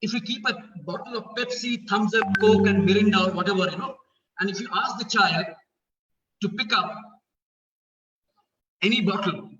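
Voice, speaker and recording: An earnest man with an Indian English accent addresses parents, his voice sitting high with a bright, forceful tone. He lays out his points one step at a time and asks rhetorical questions. Heard from afar, the recording comes across dull and roomy.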